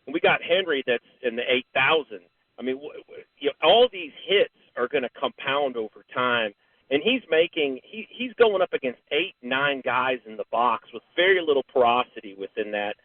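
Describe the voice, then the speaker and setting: Male caller, tinny phone line, earnest sports analysis, mid pitch, close dry sound. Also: animated, moderate pace, no room sound. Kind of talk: call-in sports opinion.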